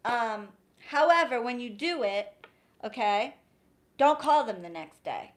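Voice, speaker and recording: Woman on a livestream, kinda high voice, talks straight to viewers, cussing, fed up. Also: lively intonation, measured pace. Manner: blunt, profane, exasperated, addresses viewers directly. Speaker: spiritual practitioner giving advice on a live stream. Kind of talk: casual live-stream talk.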